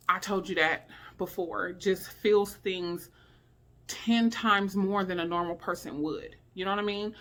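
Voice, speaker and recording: A middle-aged woman at home, talking candidly to her viewers in a rambling, emotional way, sounding weary and low. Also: bright, forceful tone. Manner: emotional, heartfelt, rambling with many fillers. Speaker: vlogger. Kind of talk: candid personal vlog talk. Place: indoors at home.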